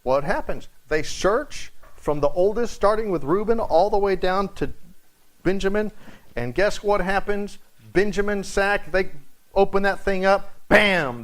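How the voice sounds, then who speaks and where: Animated male pastor with a high voice. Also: unhurried. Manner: animated storytelling, acts out quotes. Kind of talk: Bible study teaching. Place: church.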